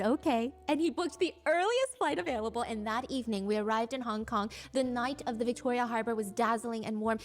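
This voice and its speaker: Girl doing a sugary humble-bragging rich wife, kinda high voice, fake modest. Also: natural voice.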